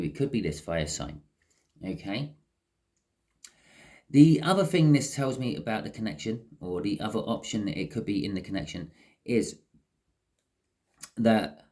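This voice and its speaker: A man giving a casual, chatty tarot reading, often checking in with "okay?". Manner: chatty, lively rises in pitch, frequent "okay?" check-ins. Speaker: tarot reader.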